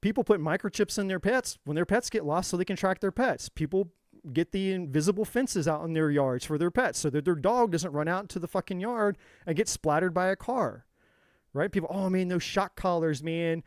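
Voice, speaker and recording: A man's voice: high voice, animated, a little fast, no room sound, clean studio sound. A man giving a spiritual talk on a live tarot stream, preachy and profane, repeating words for emphasis. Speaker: tarot reader.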